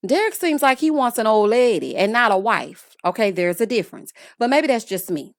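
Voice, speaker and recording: A woman in her late thirties giving a sassy, animated recap of a reality TV episode, full of scolding asides and endearments. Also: a little high, normal speed, hardly any pauses, no echo, studio quality. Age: late 30s. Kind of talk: casual recap commentary.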